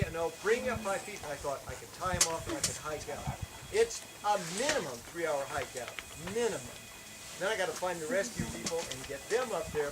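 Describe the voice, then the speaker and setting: A man tells a personal story at a camp worship service, his voice sitting high and lively. He acts out the shouted lines of the story with energy. The recording carries clear background noise. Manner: animated, acts out shouted quotes.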